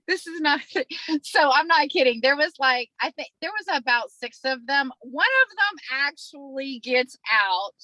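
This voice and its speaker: Brief: woman, animated profane storyteller, bright tone, dry sound. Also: high-pitched, unhurried, dry recording, poor audio. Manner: animated, profane, acts out voices while telling a story. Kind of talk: casual storytelling chat.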